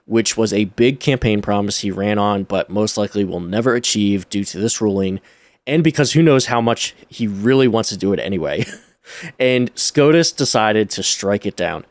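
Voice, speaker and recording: A man's voice: on the low side, normal speed, dry recording. A man in his thirties co-hosting a casual podcast, wry and self-mocking while he explains things at length. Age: 30s. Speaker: podcast co-host.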